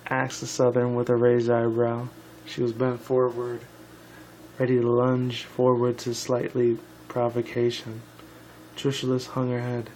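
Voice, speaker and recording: A man's voice: medium pitch, monotone, a little slow, a little mellow, a little hiss or hum, low-quality recording. Tired young man reading aloud, stumbling. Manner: stumbling, self-correcting, with asides. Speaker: fan fiction reader. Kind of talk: casual story reading.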